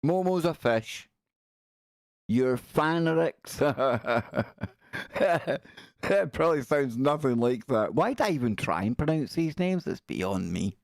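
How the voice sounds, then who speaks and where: A man's voice: medium pitch, animated, a little slow, vocal fry, no room sound, studio quality. Jokey man hosting a livestream. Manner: jokey, reacting aloud to pictures with quips. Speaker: livestream host. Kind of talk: casual live-stream commentary.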